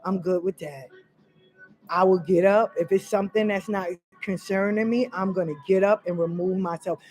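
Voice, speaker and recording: A woman speaks her mind to her viewers in a fiery, unscripted monologue. Her voice sits at an ordinary middle pitch, and she is blunt and profane, hammering her points home by repeating them. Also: steady tone, normal speed, darkish tone, soft background music. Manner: blunt and profane, with emphatic repetition; fiery and direct, addressing listeners as y'all. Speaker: vlogger sharing personal experience.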